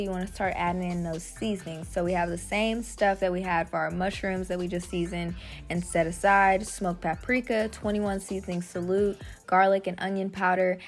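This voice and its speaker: A woman talking viewers through a recipe in her home kitchen, casual and chatty. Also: fairly low pitch. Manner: chatty, informal, addresses viewers directly. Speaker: cooking vlogger. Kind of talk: casual cooking tutorial. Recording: music playing in background.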